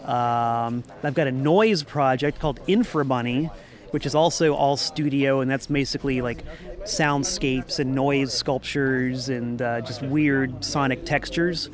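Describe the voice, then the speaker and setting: A man's voice: medium pitch, unhurried. A man, a musician and former record store owner, talking in a rambling, upbeat way in a casual interview in a parking lot. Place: parking lot outside a venue.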